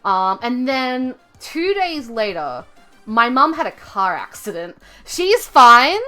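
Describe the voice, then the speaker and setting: Young woman, slightly high pitch, rambling livestream chat, lots of fillers, faint background music. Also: slow pace. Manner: rambling, self-interrupting storytelling with many fillers; chatty and expressive, laughing at her own story.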